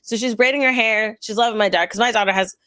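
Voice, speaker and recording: Woman host, mom, fairly high-pitched, dry close recording, animated storyteller acting out the people in her tales. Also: fast talker, no echo. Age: adult with a young daughter. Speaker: channel host telling a story to friends. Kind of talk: casual storytelling chat.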